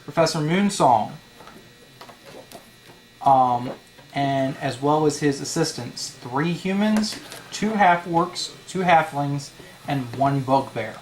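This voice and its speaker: A man narrating as dungeon master, hesitant and full of pauses and fillers. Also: on the high side, darkish tone. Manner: halting, many fillers. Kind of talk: narrating a tabletop game.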